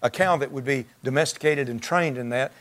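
A man's voice: medium pitch, brisk, a bit bright. A man preaching a sermon to his church, talking in a conversational, folksy way with frequent restarts. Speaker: pastor.

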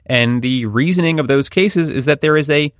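Speaking at normal speed with a fairly high pitch, a male podcast host breaks down a court ruling in a wry, chatty style. It's a legal analysis conversation recorded at studio quality, with no room sound.

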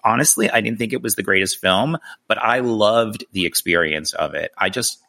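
A man talking casually as a podcast guest, reflective and enthusiastic, with a gravelly voice. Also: lowish voice, normal speed, bright, forceful tone. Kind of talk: casual chat.

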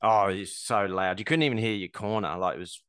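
Man, very low voice, rambling with fillers, casual chat, dry close sound. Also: brisk, fairly bright tone, clean tone, no room sound. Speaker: podcast co-host and fighter.

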